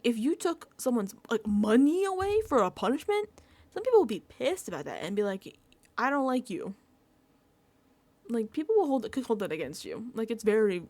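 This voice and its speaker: A young woman chatting casually about a reality show, animated, swearing freely and mimicking people in whiny pleading voices. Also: a little high, dry recording. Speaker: reality TV recap vlogger. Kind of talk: casual reaction chat.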